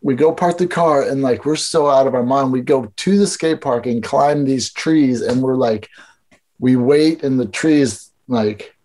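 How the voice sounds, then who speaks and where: A man's voice: mid-range voice, unhurried, darkish tone. A man from Illinois, a podcast guest and skatepark builder, telling stories in rambling, profane casual chat full of filler words. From Illinois, USA.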